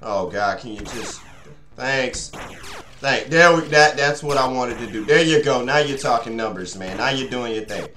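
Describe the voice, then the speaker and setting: A man's voice: medium pitch, expressive, moderate pace, bright, forceful tone, faint music behind. A young man giving let's play commentary, frustrated, swearing a lot and rambling to his viewers. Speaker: gaming channel host. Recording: echoey room.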